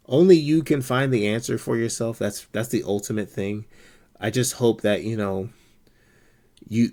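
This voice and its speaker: A man's voice: mid-range voice, a little mellow. Blunt swearing male streamer. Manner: blunt, swears a lot, gets worked up. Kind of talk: casual live-stream chat.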